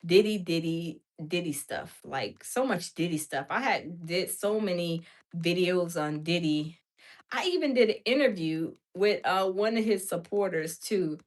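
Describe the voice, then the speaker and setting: A woman hosting a casual livestream, animated and laughing often as she talks to her viewers. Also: fairly low pitch, measured pace. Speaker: livestream host.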